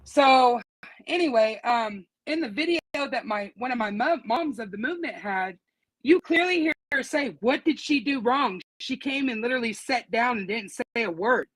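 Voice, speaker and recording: A woman's voice: fairly high pitch, animated, normal speed, no room sound, rough recording. A woman with a teenage daughter, telling what happened to her in casual, profane, indignant storytelling. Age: adult with teenage daughter. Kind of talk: casual conversation.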